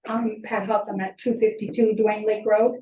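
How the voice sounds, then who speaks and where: A woman's voice: medium pitch, level tone, moderate pace, phone-quality sound. A woman on a lake association board speaking at a town hearing, meandering with many fillers. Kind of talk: public comment. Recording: echoey room from far off.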